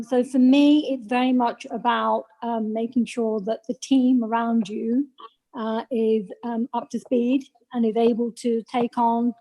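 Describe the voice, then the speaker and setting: Governor lady on a panel call, mellow highish voice, lots of ums, trails off quiet. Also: poor audio. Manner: measured, hesitant, many ums, drops to quiet at phrase ends. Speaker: school governor and trustee. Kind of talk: webinar panel discussion. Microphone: remote video call.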